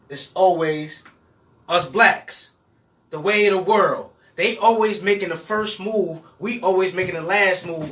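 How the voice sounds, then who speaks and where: Emphatic, somewhat high-voiced man guest. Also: a bit bright, distant mic, rough recording. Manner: explaining, repetitive, emphatic. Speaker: podcast guest. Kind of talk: casual podcast chat.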